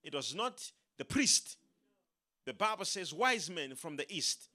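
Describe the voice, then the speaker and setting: Guy preaching a sermon, pretty high voice, bright and punchy, keeps repeating words. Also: measured pace. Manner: animated, repeats words, acts out quoted speakers.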